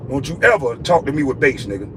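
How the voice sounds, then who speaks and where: A man's voice: mid-range voice, expressive, fast, background noise. A man delivering an angry, profane, repetitive scolding rant aimed at a critic. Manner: scolding, repetitive, heavy cursing. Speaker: vlogger ranting at a critic.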